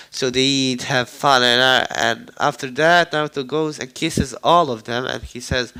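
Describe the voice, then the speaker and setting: A man telling a fan story in a loose, rambling way, his voice hoarse. The tone is bright and tense, at a middle pitch. He fills pauses with casual fillers as he goes. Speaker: storyteller YouTuber.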